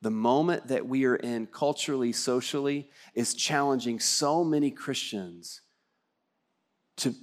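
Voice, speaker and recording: A male pastor from Texas delivers a livestreamed church sermon. He preaches in an earnest, conversational way and often turns to the congregation with questions. His voice sits at an ordinary middle pitch. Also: a little slow.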